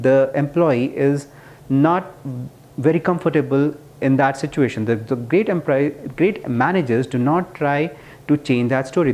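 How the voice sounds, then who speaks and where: A man's voice: mid-range voice, a little mellow. A man telling a parable to make a point about management, earnest and prone to restarts. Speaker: speaker explaining management ideas. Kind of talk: casual explanatory talk.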